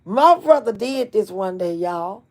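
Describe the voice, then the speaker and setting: A middle-aged woman telling a family story to her viewers in a casual, animated, folksy way, cursing freely. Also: mid-range voice, measured pace. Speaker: channel host.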